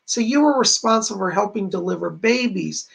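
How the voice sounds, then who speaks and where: On poor audio from a home camera stream, a psychic medium speaks a little fast in a high, gravelly, slightly bright voice with lively intonation. He gives readings in a chatty, earnest, reassuring way, repeatedly prefacing messages with "she said."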